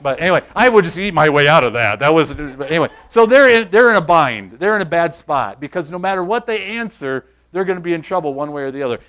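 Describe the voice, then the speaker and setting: Guy preaching a sermon, kinda high voice, chatty and emphatic, keeps repeating himself and quizzing the crowd. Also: fairly bright tone. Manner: conversational, emphatic, repeats key phrases, quizzes the congregation. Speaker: pastor.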